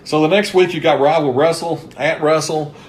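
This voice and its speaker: A man's voice: fairly high pitch, fairly even intonation, normal speed, slight background noise. A man with a Kentucky accent hosting a casual interview about an old football season, talking easily and reeling off statistics. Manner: chatty, reels off season statistics. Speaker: host interviewing a former coach. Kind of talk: casual sports history interview.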